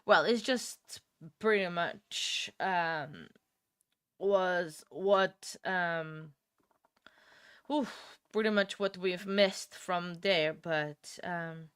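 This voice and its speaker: A young woman hosting a livestream, chatting casually with viewers, laughing often and filling pauses with ums. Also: on the low side, fairly bright tone, clean tone, no room sound. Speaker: livestream host. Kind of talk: casual chat with live viewers.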